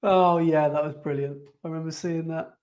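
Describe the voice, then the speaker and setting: Chatty guy on a podcast, high-ish voice, laughs a lot. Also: moderate pace. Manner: chatty, animated, laughs often. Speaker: podcast co-host. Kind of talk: casual chat.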